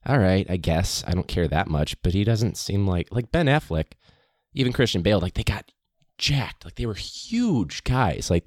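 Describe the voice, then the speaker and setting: A man's voice: a bass voice, a little mellow, dry recording, clean studio sound. A man, a teacher, hosting his podcast in a casual, rambling monologue full of fillers. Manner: chatty, rambling, many fillers.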